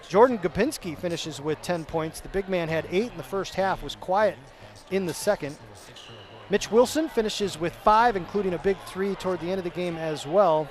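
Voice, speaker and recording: A male sports announcer giving a postgame wrap-up, rattling off player stats in a chatty, self-correcting way. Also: high-pitched. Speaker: play-by-play announcer.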